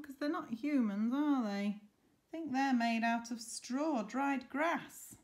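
A woman teacher reading a picture book aloud for story time, expressive and stopping to ask the children questions. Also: high-pitched, slow, vocal fry.

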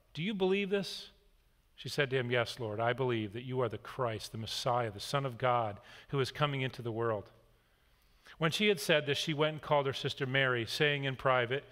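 Man, forties, pastor, earnest and conversational, a little high-pitched, long hall reverb. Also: sharp tone. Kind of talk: sermon with scripture reading. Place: large church hall.

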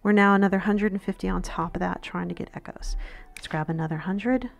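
Brief: female gaming host, slightly gravelly voice, chatty, talks straight to her audience. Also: medium pitch, steady tone, a little fast. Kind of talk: casual game commentary.

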